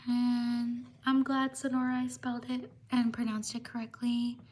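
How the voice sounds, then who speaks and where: A woman hosting a casual livestream, giving slow, unhurried shout-outs and apologizing for mispronouncing names. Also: fairly high pitch, monotone, slight background noise. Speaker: livestream host.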